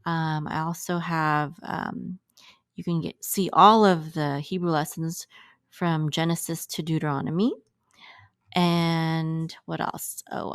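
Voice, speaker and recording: Brief: woman teacher, casual outro, fairly low voice, dry sound. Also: fairly bright tone, dry recording. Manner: chatty, thinks aloud with fillers. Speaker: teacher promoting her website.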